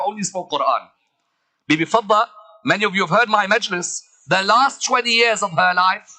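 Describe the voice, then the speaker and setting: A man delivering a dramatic sermon, swinging between loud outbursts and hushed lines and asking the audience rhetorical questions. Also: sits high, poor audio. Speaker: preacher.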